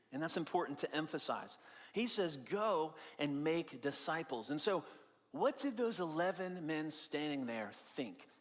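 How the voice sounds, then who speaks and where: A man's voice: fairly high pitch, fairly bright tone, big-room sound. A male pastor preaching a sermon in a conversational, explaining way, stressing key phrases by repeating them. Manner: conversational, explaining with everyday examples. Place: church sanctuary.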